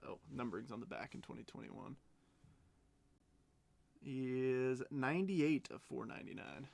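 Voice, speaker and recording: Gravelly man hosting a card break. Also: medium pitch, unhurried, darkish tone. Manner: chatty, calls out cards and bids. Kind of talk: live stream auction chat.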